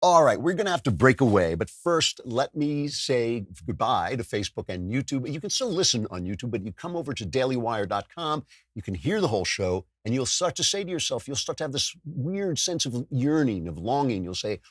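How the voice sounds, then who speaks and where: A man's voice: mid-range voice, sing-song, brisk, husky, no echo, studio quality. A man hosting a political talk show, delivering a sardonic, self-mocking monologue with frequent stumbles and restarts. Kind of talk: podcast monologue with ad read.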